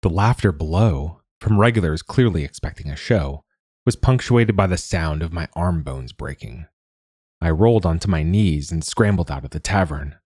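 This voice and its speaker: Male narrator, low husky voice, measured wry first-person storytelling, dry close sound. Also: expressive, darkish tone, no echo.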